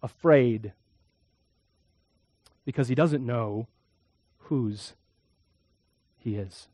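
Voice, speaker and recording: A man preaching a sermon as a pastor, telling a story and shifting from hushed, quiet moments to loud, emphatic ones. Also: mid-range voice, drawn-out words, no echo.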